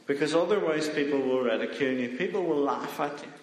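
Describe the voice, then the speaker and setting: In a large church hall, a man with a fairly high, fast voice preaches a playful, interactive children's talk, coaxing congregants up from the pews to act out a story. The hall echoes with long reverb and faint noise.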